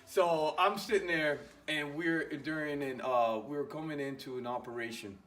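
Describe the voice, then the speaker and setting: A man, an Army veteran, telling an animated, profane war story in casual conversation in a garage. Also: a little high, normal speed, reverberant, far from the mic.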